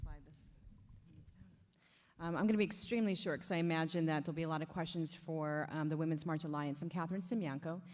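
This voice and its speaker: A woman's voice: deep voice, steady tone, quick pace, pauses often, a little mellow. A woman who founded and leads an advocacy group gives a brief, heartfelt speech at a teach-in, audibly emotional. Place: event hall. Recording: reverberant hall with a faint crowd.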